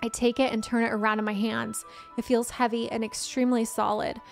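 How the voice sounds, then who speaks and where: A young woman streams a visual novel game and reads it aloud. Her voice sits fairly high. She keeps the reading quick and playful. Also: level tone, vocal fry, faint music behind.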